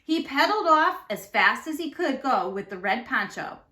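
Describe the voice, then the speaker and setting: A woman teacher reading a storybook aloud with expressive, animated narration. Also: high-pitched, normal speed. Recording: echoey room.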